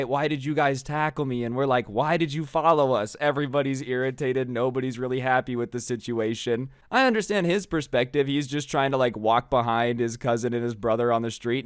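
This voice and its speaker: A man's voice: mid-range voice, clean tone, dry recording, clean studio sound. Chatty young man telling a story. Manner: chatty, animated, slangy, acts out quoted lines. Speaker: storytime YouTuber. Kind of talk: casual storytelling.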